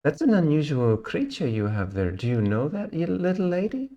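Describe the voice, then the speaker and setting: A gentle, reserved elven ranger woman speaks with a put-on accent, as a man voices her. Her voice sits well above the performer's usual register and comes out courteous and halting, full of small restarts. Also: a little high, wildly swooping pitch, voice pushed up. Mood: curious. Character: sweet, reserved, polite female elven ranger.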